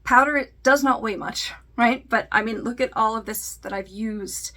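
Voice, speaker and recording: A woman's voice: fairly high pitch, normal speed, pushed and bright. A woman talking casually to camera in a makeup vlog, chatty and self-deprecating, trailing off into fillers. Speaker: beauty YouTuber.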